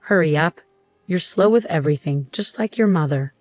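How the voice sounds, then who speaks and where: A woman's voice: low-pitched, expressive, normal speed, a little mellow, dry recording. A woman voicing a harsh, bossy older mother-in-law in a storybook narration, speaking in a scolding, commanding way.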